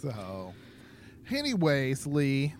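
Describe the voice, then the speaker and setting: A man's voice: medium pitch, huge pitch swings, very slow, a little hiss or hum. A tipsy man co-hosting a podcast, rambling in casual chat and laughing often. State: tipsy from drinking. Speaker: podcast co-host.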